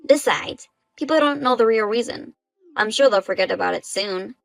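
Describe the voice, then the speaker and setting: A woman's voice: a little high, animated, normal speed, vocal fry, dry recording, rough recording. A woman voicing a shameless young bride-to-be who stays smug and unbothered.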